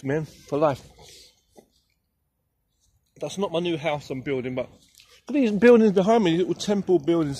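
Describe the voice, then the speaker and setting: A man's voice: fairly high pitch, darkish tone, slightly rough. A young man vlogging outdoors in a city garden in the evening, rambling in slang, swearing and joking as he films himself on a handheld camera. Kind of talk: casual walk-and-talk vlog.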